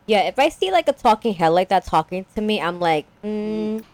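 A woman's voice: mid-range voice, big pitch swings, brisk, a little mellow, dry recording. A young woman casually recapping a story as a podcast co-host, rambling with lots of "like" and acting out characters.

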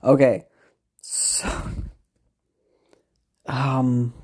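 A man talks through a story in a loose, off-the-cuff podcast recap. He rambles, restarts his sentences, and drops in swear words and amused asides. His voice sits at an ordinary pitch with a dark, mellow tone. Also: level tone, extremely slow, slightly rough. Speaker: podcast host. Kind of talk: casual spoken recap.

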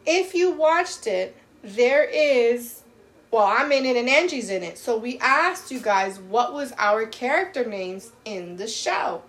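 A woman co-hosting a casual chat podcast, talking in an animated, emphatic way and giving playful advice. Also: on the high side, takes it slowly. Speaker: podcast co-host.

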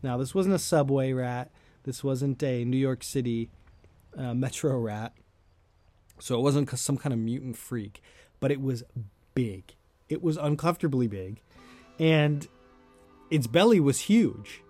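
A man's voice: medium pitch, measured pace, pauses often, darkish tone, no room sound, faint music behind. A man telling a personal story in a loose, chatty way, full of "like", light laughs and casual swearing. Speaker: storyteller host.

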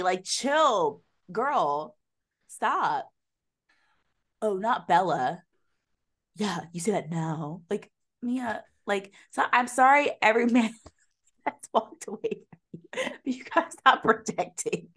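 A woman's voice: medium pitch, animated, measured pace, fairly bright tone. A woman co-hosting a podcast, recapping a show in casual, laughing chat full of swearing and fillers. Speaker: podcast co-host.

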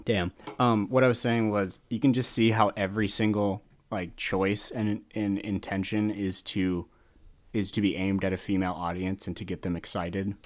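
A young woman chatting casually, animated and profane, often trailing off low before bursting up high. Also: normal speed. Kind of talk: casual chat.

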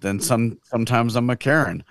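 A man's voice: medium pitch, moderate pace, gravelly, no echo. A man co-hosting a podcast, chatting casually and reflectively about faith, often trailing off mid-thought. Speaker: podcast co-host.

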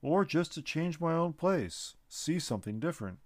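A man voicing a calm, wise male tree spirit in a storybook reading, speaking slowly and softly. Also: fairly high pitch, no echo, studio quality, pitched above the performer's own voice, lightly acted. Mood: wistful. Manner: slow, soft, patient.

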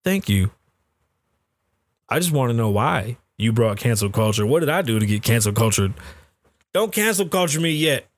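A man's voice: mid-range voice, expressive, normal speed, pauses often. A middle-aged man hosting a podcast, talking in a blunt, ranting, heavily profane way, with a close podcast mic. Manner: blunt, ranting, heavy swearing. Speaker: podcast host. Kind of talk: casual profane commentary.

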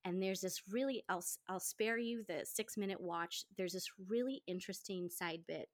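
A woman hosting a podcast, telling a story in casual chat, animated and chatty. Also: mid-range voice, moderate pace. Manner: animated, chatty, quotes people in lively voices. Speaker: podcast host.

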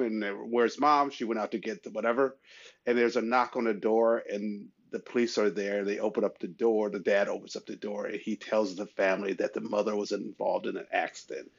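A man's voice: gravelly, dull audio. A man co-hosting a casual chat show, telling personal stories earnestly and acting out quoted voices. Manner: earnest storyteller, acts out quoted voices with rising pitch. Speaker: podcast co-host.

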